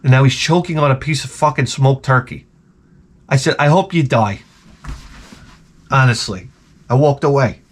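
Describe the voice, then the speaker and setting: A man hosting his channel, telling comedic stories in an animated, profane, exaggerated way. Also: mid-range voice, normal speed. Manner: animated, profane, exaggerated, jumps into quoted voices. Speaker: channel host. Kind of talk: casual comedic storytelling rant.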